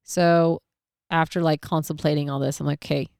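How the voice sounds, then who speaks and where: A middle-aged woman casually telling a personal story, acting out her own thoughts in an animated way and swearing freely. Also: sits low, moderate pace, creaky, no room sound, studio quality.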